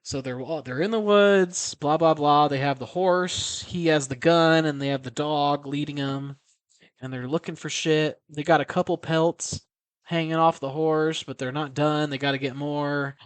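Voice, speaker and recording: A man's voice: a little high, fairly even intonation, normal speed, smooth, no echo. A man casually recapping a horror film, rambling, swearing and correcting himself as he goes. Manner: rambling, profane, self-correcting.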